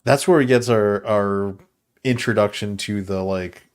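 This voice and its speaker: A man with a somewhat low voice talks through a film scene by scene, stringing the plot together in loose, rambling runs. This is relaxed podcast banter between co-hosts. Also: a little slow. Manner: long rambling plot recaps. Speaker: podcast co-host. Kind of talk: casual movie review chat.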